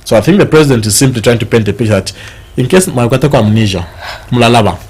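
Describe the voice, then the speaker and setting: A man's voice: medium pitch, very fast, breathy edge, poor audio. A Zambian man with a Zambian English accent, hosting a morning TV show, chatting casually over the newspapers and dropping in local words and jokes. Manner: animated, mixes in local words, jokes and laughs often. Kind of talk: casual chat reviewing newspapers. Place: TV studio.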